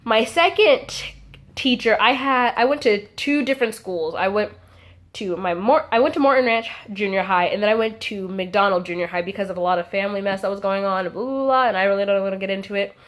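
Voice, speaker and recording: A woman's voice: medium pitch, brisk. A young adult woman telling a casual storytime to her vlog audience, chatty and full of "like" fillers. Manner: chatty, frequent "like" fillers, acts out quotes. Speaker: vlogger.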